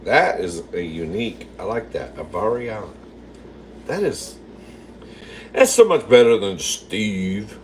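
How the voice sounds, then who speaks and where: Casting: sassy, swearing man chatting with viewers from his kitchen, pitch swinging up and down a lot. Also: big pitch swings, slow pace, pauses often, slight background noise. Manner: reads out and answers viewer comments. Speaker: livestream host. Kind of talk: casual livestream chat while cooking. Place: home kitchen.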